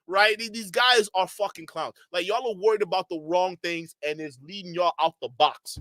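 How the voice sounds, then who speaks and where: Man, high voice, bright edge, dry close sound, blunt profane reaction rant, mocking asides. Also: moderate pace, hardly any pauses, dry recording. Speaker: streamer commentator.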